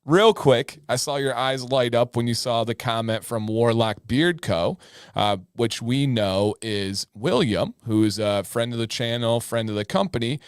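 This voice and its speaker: A man's voice: medium pitch, measured pace, clean tone, no echo, clean studio sound. A man co-hosting a casual livestream, enthusiastic as he retells stories and brings up viewer comments. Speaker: livestream co-host.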